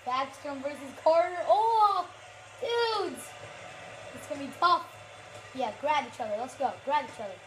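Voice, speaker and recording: A high, bright voice narrating a hockey video game as it is played, all hype and trash talk. She keeps bursting into whoops and shouts over quick back-and-forth commentary, with faint noise underneath. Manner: hyped, trash-talking, frequent shouts and whoops. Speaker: gaming channel host. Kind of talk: excited live gameplay commentary.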